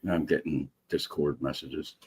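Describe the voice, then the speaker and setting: A man's voice: extremely low pitch, fairly even intonation, moderate pace, darkish tone, slightly rough. A man chatting as a guest on a livestream, profane and joking, rambling through stories. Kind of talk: casual livestream chat.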